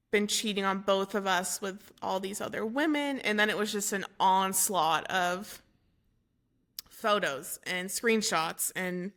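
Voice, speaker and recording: Slow, bright-voiced woman telling her story. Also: medium pitch. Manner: unhurried, halting, with fillers and self-corrections. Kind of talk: candid personal storytelling.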